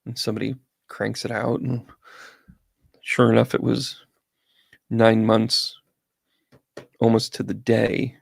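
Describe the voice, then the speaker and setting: A man's voice: lowish voice, level tone, slow pace, vocal fry, pauses often, breathy edge, dry recording. A man hosting a casual livestream, chatting with viewers by name and telling rambling stories while reading tarot on a close, sensitive microphone. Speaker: psychic medium host.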